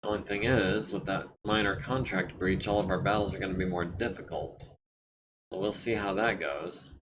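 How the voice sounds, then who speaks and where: A man casually talking through repairs while streaming a strategy game, his throat a bit scratchy and often cleared. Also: sits low, normal speed. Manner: relaxed, thinking aloud while managing repairs. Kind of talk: casual let's-play commentary.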